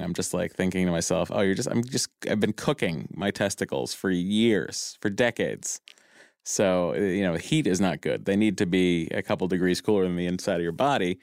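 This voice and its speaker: Deep guy rambling, joking around, lots of uhs, dry mic. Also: moderate pace, dry recording. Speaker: podcast guest. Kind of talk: casual chat.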